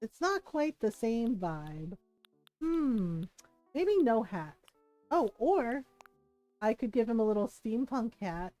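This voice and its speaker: A woman's voice: on the high side, big pitch swings, slow pace, mellow, no room sound, faint music behind, low-quality recording. A woman streaming a game, chatting casually, musing aloud and laughing often. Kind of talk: casual livestream chat.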